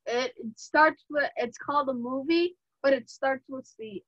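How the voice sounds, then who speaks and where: A woman's voice: high voice, measured pace, fairly bright tone, no room sound. A woman hosting an interview, asking playful, jokey questions in a casual chat. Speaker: host. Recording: dry, dull lo-fi sound.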